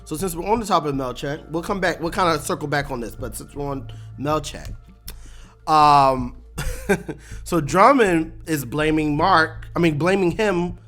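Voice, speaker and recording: A host giving a casual, animated breakdown of a TV episode, laughing often and acting out lines. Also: medium pitch, a little slow, soft background music. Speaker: show recap host.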